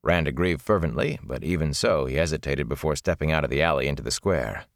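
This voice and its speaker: A man narrating a fantasy novel in a measured, deliberate storytelling manner, recorded on a close mic. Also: deep voice, dry recording. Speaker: audiobook narrator.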